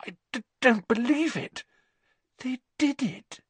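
A man voicing an anxious teenage girl in an audiobook, speaking in urgent, hushed pleas. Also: sits high, very animated, takes it slowly, breathy edge, dry recording, pitched above the performer's own voice, heavily acted. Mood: shocked grief. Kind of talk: audiobook character voice.

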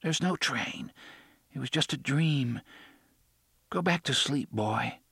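A man's voice: a little high, animated, unhurried, dry recording, clean studio sound, voice pushed up. A man voicing a frightened, defiant young boy who talks in a tense, urgent way. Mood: whispered soothing.

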